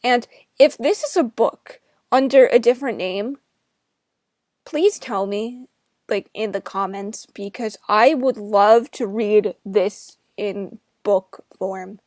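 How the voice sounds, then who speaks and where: A woman's voice: medium pitch, slow pace, darkish tone, no room sound, clean studio sound. A woman in her twenties from New Jersey, giving a casual, rambling film review with chatty asides.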